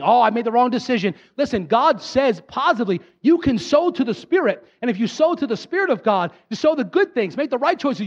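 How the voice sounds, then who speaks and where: Man in his thirties preaching a fiery sermon: high pitched, emphatic, talks straight to the congregation, slightly muffled recording. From Pennsylvania. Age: 30s. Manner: emphatic, rising to high excited bursts, talks directly to the congregation. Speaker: pastor.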